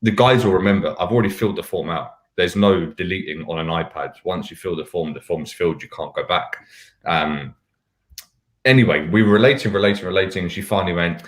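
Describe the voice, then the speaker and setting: A man, a podcast panelist, recounts old anecdotes in a relaxed, rambling way. His voice sits low and he keeps poking fun at himself between tangents. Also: brisk. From United Kingdom. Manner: candid, rambling anecdotes with self-mocking asides. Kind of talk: casual podcast storytelling.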